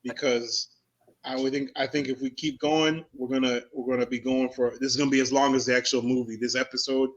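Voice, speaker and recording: A man co-hosting a casual film podcast, talking in a hyped, boastful and excitable way. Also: medium pitch, a little fast, highs cut off. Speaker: podcast co-host. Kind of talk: casual chat.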